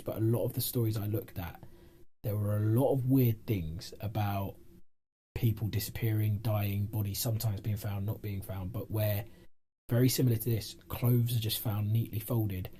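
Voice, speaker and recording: A man with a dark, mellow voice tells a spooky case in a loose, rambling way. He laughs easily between his points. A faint hiss of noise runs under his voice. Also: fairly low pitch, steady tone, normal speed. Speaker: podcast co-host. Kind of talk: casual chat, reading a case.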